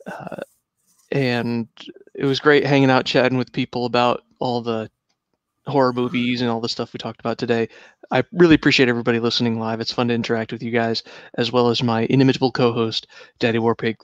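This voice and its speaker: A man hosting a podcast, thanking listeners in a friendly, halting way. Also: mid-range voice, level tone, no room sound, highs cut off. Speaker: podcast host. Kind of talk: casual podcast sign-off.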